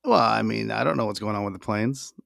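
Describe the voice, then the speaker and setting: A man's voice: on the low side, a little fast, creaky, fairly bright tone, no echo, clean studio sound. A man co-hosting a casual podcast, joking crudely and swearing freely, talking over a headset mic. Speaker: podcast co-host. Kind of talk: casual chat.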